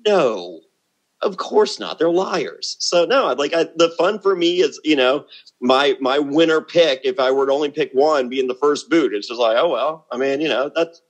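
A man's voice: fairly high pitch, expressive, normal speed, dull audio. A middle-aged man chatting as a podcast guest, blunt and boastful, often repeating words as he starts a thought. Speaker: podcast guest, former reality show contestant. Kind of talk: casual interview chat.

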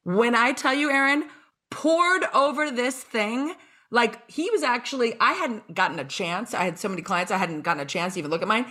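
A woman in her fifties hosting a podcast, animated and chatty, laughing often as she tells stories. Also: on the high side, moderate pace. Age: 50s. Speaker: podcast host. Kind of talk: casual chat.

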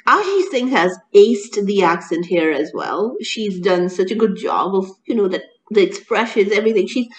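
A woman co-hosting a casual chat, talking in an animated way with many restarts and laughs. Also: medium pitch, moderate pace, hardly any pauses, low-quality recording. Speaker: co-host reviewing a TV serial.

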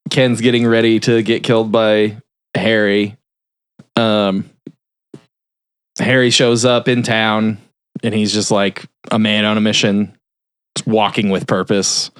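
A man's voice: fairly low pitch, smooth, no echo. A man on a podcast casually retelling a film's plot, swearing freely and rambling with lots of filler words. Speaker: podcast host. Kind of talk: casual film recap.

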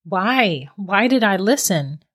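A woman's voice: medium pitch, measured pace, natural voice. A woman voicing a frightened young man in shock, pleading desperately in a storybook reading. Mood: panicked.

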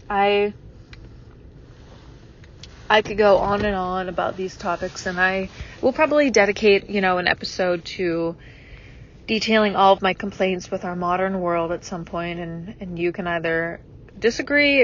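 A woman's voice: mid-range voice, a bit bright, muffled recording. A young adult woman hosting a solo podcast, musing reflectively and rambling with many fillers and restarts. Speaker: podcast host.

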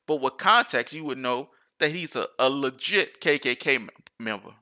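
A man's voice: medium pitch, lively intonation, moderate pace, pushed and bright. A man talking in a casual, rambling monologue, swearing freely and restarting his sentences often.

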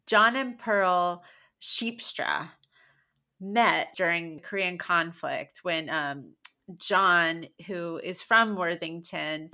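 A woman's voice: fairly low pitch, pushed and bright. A woman co-hosting a podcast, telling a story in casual chat and laughing often. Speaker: podcast co-host.

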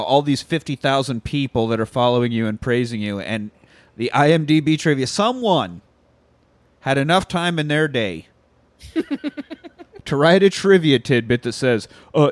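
A man co-hosting a casual movie podcast, profane and mocking, breaking into high squeaky impressions. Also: dry recording. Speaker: podcast co-host.

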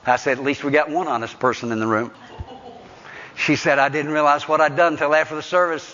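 A man preaching a sermon as pastor at a church service, building to rising, insistent peaks and dropping into quick asides. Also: a little high, steady tone, bright, forceful tone, big-room sound, dull audio.

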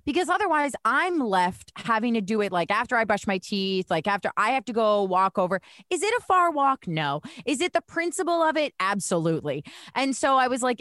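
A woman in her thirties co-hosting a podcast, telling a story in an animated, exasperated way. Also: a little high, a little fast, few pauses, no room sound, studio quality. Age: 30s. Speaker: podcast co-host. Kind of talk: casual chat.

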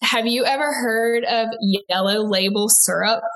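A young woman from the American South talks in a relaxed interview, her Southern US accent softened. She chats fast and loosely, full of likes, ums and quick restarts. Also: on the high side. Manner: chatty, quick-talking, many likes and restarts. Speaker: interview guest, aspiring broadcaster. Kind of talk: casual interview chat.

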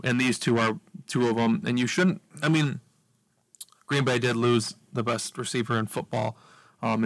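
A man co-hosting a sports podcast, giving measured analysis with frequent ums. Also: medium pitch, creaky, fairly bright tone, no echo, rough recording. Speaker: podcast co-host. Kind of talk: casual sports talk.

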